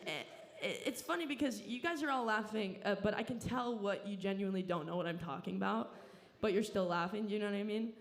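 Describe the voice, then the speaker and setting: A woman's voice: mid-range voice, a little fast. A young woman from Southern California doing a stand-up set on a club stage into a handheld mic, rambling, self-deprecating and swearing freely. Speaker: stand-up comedian.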